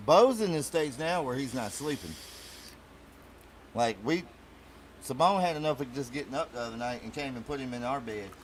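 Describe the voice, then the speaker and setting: A man chatting casually, telling animated, deadpan stories about his family. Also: medium pitch, moderate pace, long pauses, slight background noise, rough recording. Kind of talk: casual chat.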